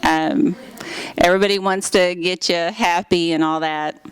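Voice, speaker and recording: A woman's voice: on the low side, steady tone, a little slow, clean tone, dry recording. A woman giving an earnest, heartfelt faith testimony. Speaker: speaker giving a personal testimony.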